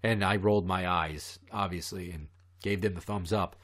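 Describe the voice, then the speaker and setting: A man's voice: deep voice, fairly even intonation, normal speed, fairly bright tone. A man hosting a podcast who tells stories in a profane, heated, ranting way. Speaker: podcast host. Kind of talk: ranting storytelling.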